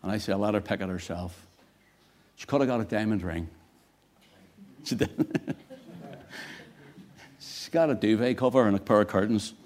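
Male preacher, mellow dark voice, quiet then suddenly loud and emphatic. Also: on the low side, normal speed, pauses often, slight background noise. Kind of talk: sermon.

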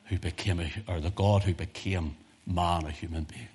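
British preacher swinging quiet to loud. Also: male voice, moderate pace, slightly rough. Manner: swings from quiet low musing to loud high-pitched exhortation. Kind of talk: sermon.

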